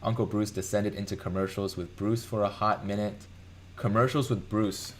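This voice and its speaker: Low-voiced man hosting a casual livestream. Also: steady tone, moderate pace, a little hiss or hum. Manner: loose and rambling, many fillers and self-corrections. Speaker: live-stream host. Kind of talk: casual live-stream chat, reading viewer comments.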